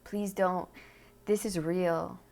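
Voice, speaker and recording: A woman's voice: on the low side, fairly even intonation, slow pace, creaky, a little mellow. A woman giving a pick-a-card tarot reading, earnest and emotional, who repeats phrases and often checks in with "okay?". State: tearful. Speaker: tarot reader.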